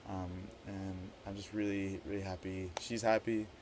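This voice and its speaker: A man's voice: low-pitched, flat delivery, normal speed, background noise. A young man practicing a wedding toast for his sister as brother of the bride, rambling with lots of fillers and restarts.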